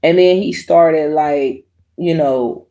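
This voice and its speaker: A woman's voice: low-pitched, slow. A young adult woman telling viewers a personal story in a blunt, profane, casual way, acting out what people said. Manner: blunt, profane, animated quoting. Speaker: host.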